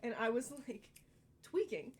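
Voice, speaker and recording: A young woman co-hosting a casual podcast, quick and jokey, tossing in playful remarks. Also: on the high side, sing-song, darkish tone, slightly rough. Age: young adult. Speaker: podcast co-host. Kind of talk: casual chat.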